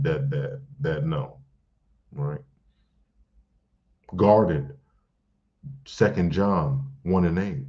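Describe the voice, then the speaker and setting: Deep, slow-talking preacher on a dull stream. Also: male voice. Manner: animated preaching with repeated phrases and casual asides. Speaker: teacher of a religious class. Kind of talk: live-streamed religious class. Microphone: live stream.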